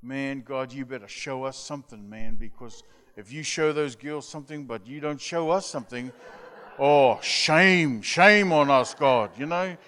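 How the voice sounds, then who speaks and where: A man doing loud fervent teen boys praying. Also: mid-range voice, unhurried, natural voice. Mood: pleading. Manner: shouting, repetitive.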